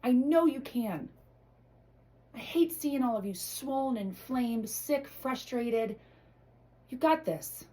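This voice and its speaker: Fiery, animated woman giving a pep talk. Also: high-pitched, slow pace, pauses often, poor audio. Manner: blunt, emotional, swears freely. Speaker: motivational vlogger. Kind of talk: impassioned motivational monologue.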